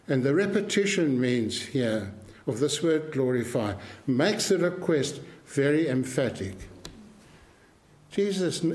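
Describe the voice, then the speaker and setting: A man's voice: medium pitch, darkish tone. A man preaching a sermon in an earnest, emphatic way, repeating his key phrases for weight.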